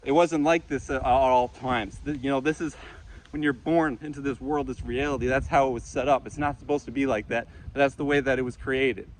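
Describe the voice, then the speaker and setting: A man's voice: medium pitch, steady tone, a little fast, slight background noise, low-quality recording. A man delivering an impassioned, profane monologue outdoors among trees, repeating himself as he rants. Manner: intense, profane, repetitive ranting. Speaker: vlogger.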